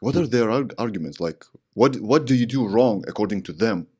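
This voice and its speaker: A man with a fairly low voice hosts a podcast interview. He speaks English as a second language, pausing and restarting as he searches for his words. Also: animated, warm tone, husky. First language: not English. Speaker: podcast host. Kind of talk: interview questions.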